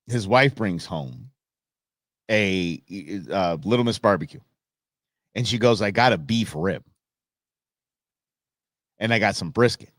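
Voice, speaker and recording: A man hosting a live stream show, ranting and joking in a casual, animated way. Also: low-pitched, dry recording, studio quality. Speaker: host. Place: Phoenix.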